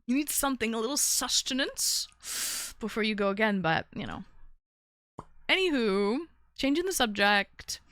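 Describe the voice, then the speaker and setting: A woman's voice: mid-range voice, fairly bright tone, no echo. A woman hosting a casual call-in live stream, rambling through a story and greeting chat as she goes. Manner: chatty, rambling, reads chat aloud.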